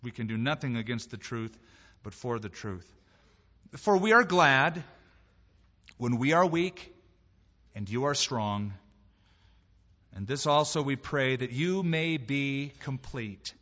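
A man preaching a sermon as pastor, in a lively, conversational way with emphatic rises and quoted voices. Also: mid-range voice, slow pace, pauses often, long reverb tail, dull audio. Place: church sanctuary.

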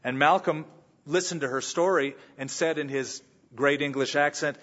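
In a church sanctuary, a pastor preaches a sermon, telling stories and acting out the people he quotes. His voice is on the high side and a bit bright, at a moderate pace, and the recording is muffled.

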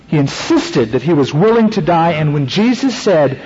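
A man's voice: on the high side, big pitch swings, normal speed, few pauses, darkish tone, long reverb tail. A man preacher giving a conversational sermon that acts out Bible stories, on a dull lo-fi radio recording.

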